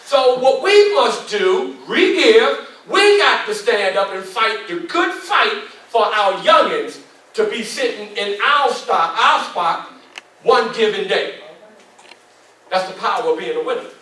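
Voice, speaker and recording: A man's voice: sits high, sing-song, takes it slowly, fairly bright tone. A man in his sixties giving a motivational speech, preacher-like and repetitive, talking straight to the audience. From New York. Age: 60s. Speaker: motivational speaker. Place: club meeting hall. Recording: echoey hall, mic at a distance.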